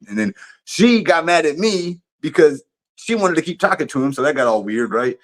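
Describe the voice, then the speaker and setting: A man's voice: on the high side, moderate pace. Dude on his livestream telling a story, swears constantly, rambles, keeps restarting his sentences. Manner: profane, rambling, animated with frequent restarts.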